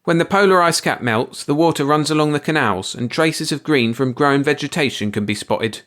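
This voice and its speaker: A man's voice: fairly high pitch, brisk, fairly bright tone, voice pushed up, close to an everyday voice. A man doing a stubborn, insistent office worker. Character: stubborn male office expediter.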